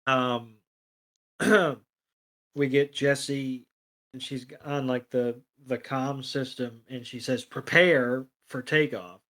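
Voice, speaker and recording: A man with a mid-range, everyday voice, co-hosting a casual podcast recap. He narrates the scenes plainly and ramblingly, with fillers and small self-corrections, and now and then clears his throat. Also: medium pitch. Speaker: podcast co-host.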